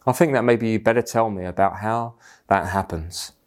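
A man voicing a humble male heart patient who responds calmly and sincerely. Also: fairly low pitch, normal speed, close to an everyday voice. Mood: grateful. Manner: calm, sincere.

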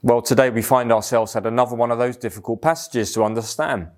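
A man's voice: medium pitch, steady tone, quick pace. A man preaching a sermon in an earnest, emphatic manner. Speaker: pastor.

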